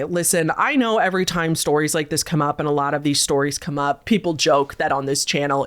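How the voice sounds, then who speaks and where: A woman host reading viewer-submitted scary stories aloud and breaking in with disgusted, sarcastic asides. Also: low voice. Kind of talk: storytelling reading with reactions.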